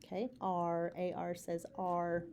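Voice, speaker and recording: Middle-aged woman teacher, warm low-key tone, patient and repetitive phonics lesson. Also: completely flat delivery, a little hiss or hum. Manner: patient, repeats sounds slowly and clearly. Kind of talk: phonics lesson for students and parents.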